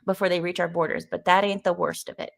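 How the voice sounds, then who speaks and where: Brief: woman reading a backwoods militia leader, conspiracy-minded, gravelly, flat read, no character voice. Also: on the low side, quick pace. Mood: ominous. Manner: plain read-aloud delivery, no put-on voice. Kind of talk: reading AI-generated dialogue aloud on a live stream.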